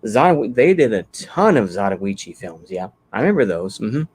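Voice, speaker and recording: Rambling man, low voice. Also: very animated, normal speed, darkish tone, slightly rough. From Texas. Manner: rambling, easygoing, thinking aloud with many fillers. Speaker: channel host. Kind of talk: casual livestream chat reading comments.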